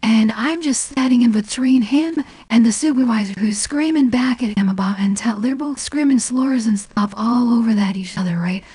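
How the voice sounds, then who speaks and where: A woman's voice: on the high side, normal speed, few pauses, mellow, breathy edge, dry recording. A woman streamer chatting casually, rambling through a story with lots of fillers, restarts and swearing. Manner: swears freely.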